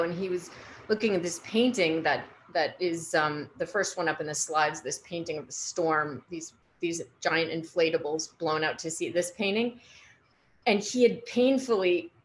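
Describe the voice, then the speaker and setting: Halting, hesitant woman artist in her forties. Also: lowish voice, a little hiss or hum. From United States. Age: 40s. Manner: hesitant, halting, many restarts. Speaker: artist guest. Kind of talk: casual conversation.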